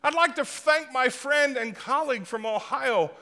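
A man's voice: very high-pitched, expressive, moderate pace, pushed and bright, big-room sound, voice pushed up, heavily acted. A man voicing a male senator giving insincere, pompous compliments to a colleague. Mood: mock-gracious. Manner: pompous, mock-courteous.

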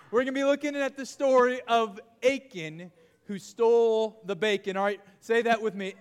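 A man leading a youth group lesson in a playful, animated way, calling out to the crowd. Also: sits high, clear, resonant tone. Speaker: youth pastor. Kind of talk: energetic youth group lesson with audience game. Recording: long hall reverb.

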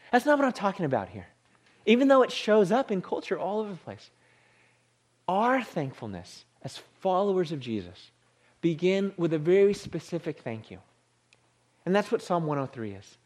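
A man preaching a sermon, animated, sinking into a hushed low voice on the holy words. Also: normal speed. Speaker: pastor.

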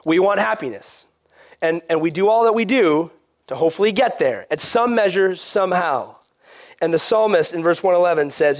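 Brief: middle-aged male pastor, relaxed chatty sermon delivery, slightly higher voice, sudden hushed drops. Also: moderate pace. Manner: conversational, swings between animated and quiet.

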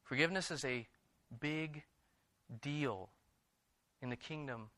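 Earnest pastor with a bright, forceful voice. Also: male voice, a little high, slow pace. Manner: earnest preaching, rising to emphatic repetitions; reads scripture aloud then exhorts the congregation. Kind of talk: sermon.

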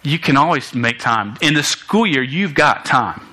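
A young man preaching a sermon to students in a church, animated and stumbling over words, with joking asides. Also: mid-range voice, unhurried, rough recording. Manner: animated, many restarts and stammers, jokey asides. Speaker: youth pastor.

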